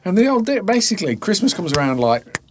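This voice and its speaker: A man in his forties, chatting casually as a podcast host and telling animated stories, sometimes dropping to a hushed whisper for effect. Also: high voice, quick pace, background noise. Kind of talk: casual chat.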